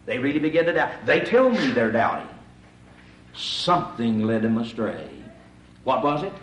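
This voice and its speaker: A man preaching a sermon, animated, asking his audience rhetorical questions. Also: medium pitch, normal speed, far from the mic, slight background noise. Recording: echoey room, voice from away from the mic.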